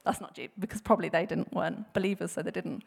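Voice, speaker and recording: A woman's voice: fairly low pitch, fast, creaky, slightly rough. A woman giving a casual, chatty church talk, with frequent fillers and laughter. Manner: chatty, laughs often, many fillers and restarts; animated, acts out bible quotes with voices. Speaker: church speaker.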